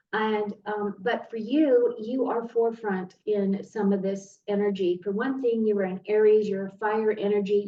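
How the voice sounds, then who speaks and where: A tarot reader with a medium-pitched, somewhat dark voice speaks directly to her audience, earnest and emotional throughout. She was recorded far off in a roomy space, leaving the sound dull with a trace of noise.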